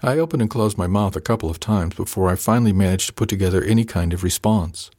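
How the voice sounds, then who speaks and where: Low-voiced man narrating an audiobook. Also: fast, warm tone. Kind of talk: scripted first-person audiobook narration.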